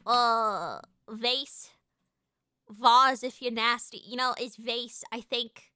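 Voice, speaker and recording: A woman's voice: on the high side, measured pace, sharp tone, clear, resonant tone, dry recording, clean studio sound. A woman from the United States chatting on a livestream, ranting and swearing in a playfully indignant way. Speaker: streamer. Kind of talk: casual livestream chat.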